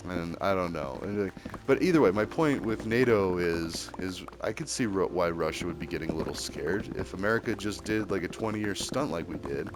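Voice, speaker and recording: Over background music, a streamer with a low-pitched voice rants at normal speed. It's a casual, rambling opinion rant, heated and crammed with fillers and restarts.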